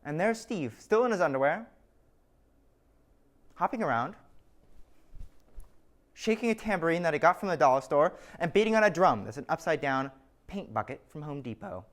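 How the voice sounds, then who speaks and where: A man's voice: fairly high pitch, expressive, moderate pace, long pauses. A man giving a scripted lecture, telling an illustrative story with wry asides.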